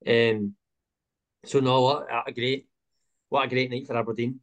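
A man's voice: medium pitch, fairly even intonation, unhurried, fairly bright tone, highs cut off. A man hosting a casual football podcast, talking with many hesitant fillers. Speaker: podcast host.

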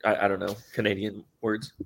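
A man's voice: on the low side, level tone, brisk, gravelly, slight background noise. A man from the American South with a faint Southern accent, co-hosting a podcast, asking curious questions and laughing often. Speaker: podcast co-host. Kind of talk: casual chat.

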